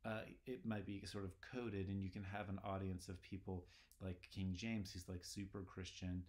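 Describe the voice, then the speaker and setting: A man's voice: low-pitched, little pitch movement, moderate pace, a little mellow. A man giving a casual literature lecture, talking in a rambling, conversational way with many fillers. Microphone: recorded lecture video.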